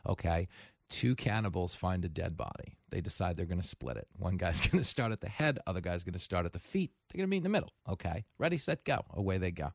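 A male radio host bantering and telling jokes in a comedic, animated way in a studio. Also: deep voice, fast talker, vocal fry, no room sound. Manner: joking, animated, tells jokes with voices.

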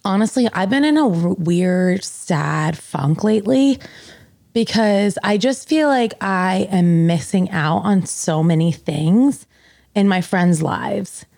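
A woman's voice: medium pitch, slow pace, vocal fry, mellow, no room sound, clean studio sound. A woman in her thirties co-hosting a podcast, talking candidly and rambling with lots of fillers, tearful at times. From US East Coast. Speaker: podcast co-host. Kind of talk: casual chat.

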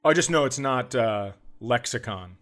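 A middle-aged man hosting a podcast who has a stutter and tells comedic stories in a casual, animated way, jumping into high voices when he quotes people. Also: unhurried. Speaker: podcast host.

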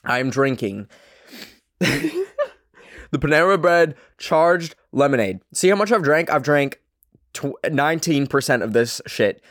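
A man's voice: mid-range voice, no room sound, clean studio sound. A young man with a Canadian accent hosting his own podcast, rambling and swearing in a self-deprecating way. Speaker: podcast host. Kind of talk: casual solo podcast rant.

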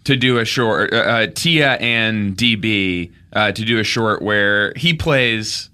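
Slow, bright-voiced deadpan man. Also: fairly low pitch, clear, resonant tone. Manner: deadpan, absurd bits told straight. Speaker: comedy podcast co-host. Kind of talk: deadpan improvised comedy chat.

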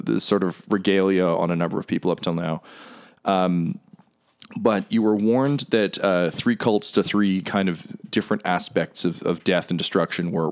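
Game master, male, very low voice, descriptive narration with fillers. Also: gravelly, darkish tone. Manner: descriptive, lots of ums.

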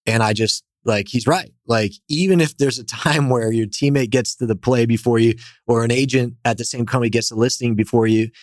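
A man, a company founder, telling energetic stories as a guest in a casual interview. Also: medium pitch, brisk, hardly any pauses, no echo, studio quality. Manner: animated, energetic storyteller.

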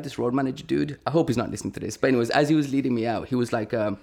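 A man telling a story in casual conversation, animated and rambling with lots of fillers. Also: medium pitch, racing, vocal fry, few pauses, slight background noise. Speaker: podcast guest.

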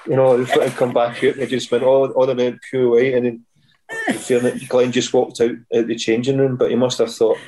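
A middle-aged former footballer with a Scottish accent rambles through anecdotes as a podcast guest, mimicking the voices of those he quotes. His mid-range voice is level and warm, a little fast. The recording is rough, with a bit of hiss or hum.

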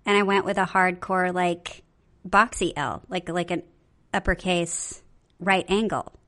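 A woman's voice: fairly low pitch, a little slow. Chatty middle-aged woman co-host. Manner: chatty, animated storytelling with laughs. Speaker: podcast co-host. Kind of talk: casual chat.

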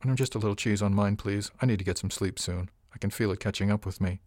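A man's voice: fairly low pitch, fast, a little mellow, no room sound, clean studio sound, natural voice. A man voicing an irreverent young woman crew member who banters with her captain, in an audiobook. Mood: sleepy. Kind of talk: audiobook character reading.

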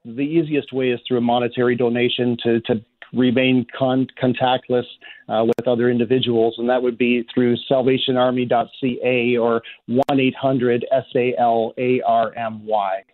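A man who is a Salvation Army officer, speaking as a guest in a radio interview in an earnest, measured way, often hesitating and restarting. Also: medium pitch, level tone, dry recording. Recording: tinny, dry phone line.

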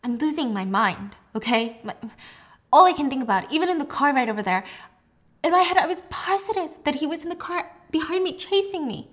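A tearful, traumatized young woman stumbles through her memories between sobs, voiced by a woman storyteller. Her delivery is halting and raw, held slightly quieter than normal talk. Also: on the high side, expressive. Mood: despairing. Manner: halting, emotional retelling. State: crying.

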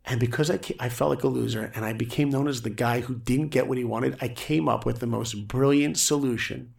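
A man telling a personal story on a podcast, energetic and acting out quotes from other people. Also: mid-range voice, a little fast, creaky. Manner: energetic, acts out quotes in raised voices. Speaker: guest storyteller.

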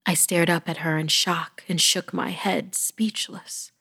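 A woman narrates a horror story in a hushed, dramatic manner, often dropping to a whisper. Her voice is low and gravelly with fry. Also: flat delivery, measured pace.

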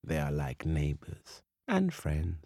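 A male storyteller narrating a children's tale slowly, his pitch rising and falling with a lot of life. The voice sits close to the mic with a dry, plain sound. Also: no room sound. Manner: slow, lively, expressive.

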